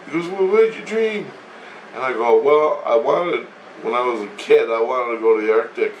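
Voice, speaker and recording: Speaking briskly in a steady, medium-pitched voice, a man casually tells the story of a dream, laughing a lot and saying "he goes" over and over as he recounts a conversation. The audio is dull and roomy, with him away from the mic, faint ambience and slight background noise.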